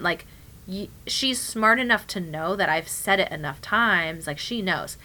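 A woman's voice: mid-range voice, lively intonation, normal speed, sharp tone. A young woman chatting casually as a podcast co-host, telling a story animatedly and acting out her own whispered and spoken quotes. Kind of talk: casual chat.

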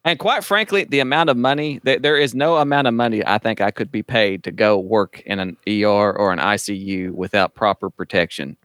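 A man's voice: on the low side, brisk, few pauses, a bit bright, no echo. A man with a Southern US accent co-hosting a casual chat, cracking dry jokes. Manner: dry joking. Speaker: podcast co-host.

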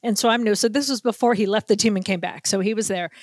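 A woman from Boston, a sports reporter hosting a casual talk show, telling a lively anecdote full of acted-out quotes. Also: mid-range voice, quick pace, no room sound. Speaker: sports reporter, podcast host. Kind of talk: casual storytelling chat.

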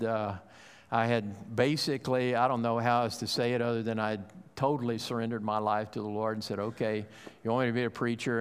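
A man's voice: medium pitch, clean tone. A pastor in his fifties preaching a sermon, telling a family story in a loose, conversational way with many fillers, then rising into urgent encouragement. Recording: long hall reverb.

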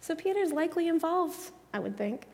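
A woman's voice: very high-pitched, sing-song, fairly quick. A woman giving conversational Bible teaching in an earnest, chatty way, with a long echoing reverb around her voice. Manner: earnest, chatty, drops into soft hushed asides.

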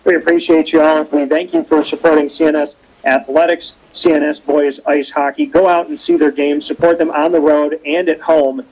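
A young man hosting a casual interview show, telling stories with animated quoting. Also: a little high, moderate pace, hardly any pauses, poor audio. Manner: lively storyteller, animated quoting. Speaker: show host. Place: cold rink-side spot, outdoors or arena.

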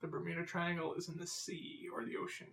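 A man's voice: on the high side, completely flat delivery, a little fast, vocal fry, echoey room, a crowd in the background. A man co-hosting a podcast in casual chat, with a wry, explaining manner. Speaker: podcast co-host.

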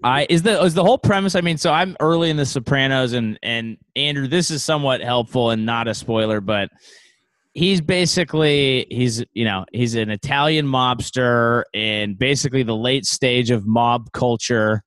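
A man's voice: medium pitch, normal speed, fairly bright tone, no room sound. Joking man chatting over a video call. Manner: joking, does goofy mobster voices.

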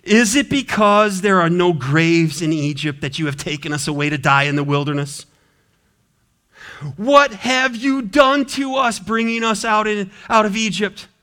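A man's voice: high voice, expressive, unhurried, sharp tone, pitched above the performer's own voice, full character voice. A man voicing a panicking crowd of grumbling Israelites who nag and complain sarcastically. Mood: whiny. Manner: complaining, sarcastic I-told-you-so nagging.

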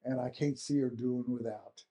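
Soft earnest devoted husband, humble, quiet, as a preacher voices him. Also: male voice, mid-range voice, steady tone, normal speed, pitched below the performer's own voice, lightly acted. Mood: tender.

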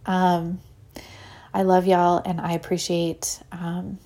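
A woman's voice: lowish voice, slow pace. A woman hosting her own podcast, telling a story in a rambling, casual way, full of "like" and acted-out quotes. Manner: rambling, many "like" fillers; animated retelling with acted-out quotes. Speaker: podcast host.

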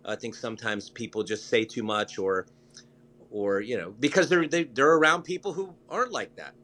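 A man's voice: medium pitch, normal speed, bright, forceful tone, slight background noise. Chatty, rambling male news guest. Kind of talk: casual interview chat.

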